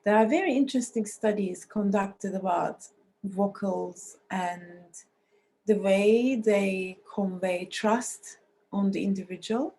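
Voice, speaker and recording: Woman, lecturer, scratchy voice, mellow dark tone, mid pitch, restarts phrases, phrasing. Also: slow pace. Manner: explanatory, with frequent restarts and non-native phrasing. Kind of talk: recorded university lecture.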